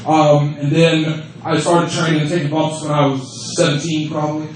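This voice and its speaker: A man in his thirties telling profane, lively stories and laughing often as a guest at a fan Q&A panel. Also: a little high, normal speed, distant mic, a little hiss or hum. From United States. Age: 30s. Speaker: wrestling promotion creative head on a fan panel. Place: convention room at a fan event. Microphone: phone held in the audience. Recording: echoey room, phone recording from the audience.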